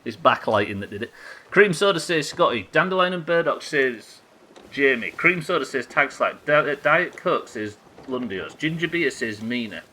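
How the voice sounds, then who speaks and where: A man's voice: mid-range voice, expressive, normal speed, pushed and bright, slight background noise, poor audio. A young man streaming a game live, teasing his chat with sarcastic, sweary banter. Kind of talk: live gameplay commentary and chat reading.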